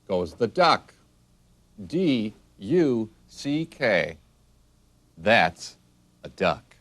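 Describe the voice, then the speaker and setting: Slow, deep-voiced man spelling words for kids. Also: big pitch swings, a bit bright, dry recording. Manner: slow, spells words letter by letter, friendly questions. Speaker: children's educational narrator. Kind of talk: scripted narration.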